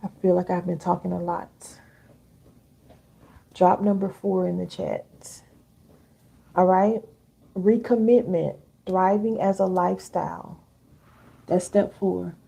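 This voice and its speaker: A middle-aged woman hosting a casual live stream, chatty and warm with viewers, reading their comments aloud. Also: lowish voice, fairly even intonation, normal speed, gravelly, slightly rough. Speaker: live-stream host and healing coach.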